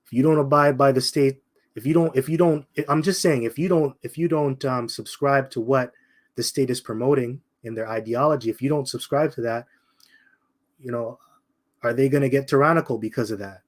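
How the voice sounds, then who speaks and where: A man giving an informal scripture commentary in a blunt, confrontational way. He keeps calling his listeners "man", repeats his points and slows down to drive them home. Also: mid-range voice. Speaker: bible teacher.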